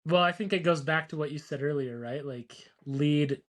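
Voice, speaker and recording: A man's voice: fairly high pitch, moderate pace. A man hosting an interview, chatting casually and affirming his guest while he asks loose follow-up questions. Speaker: podcast host, interviewer.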